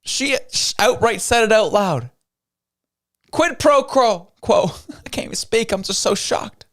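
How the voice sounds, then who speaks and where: A man's voice: sits high, animated, a little slow, fairly bright tone. A man hosting political commentary, reacting to a played clip with incredulous, emphatic talk and repeated words for stress.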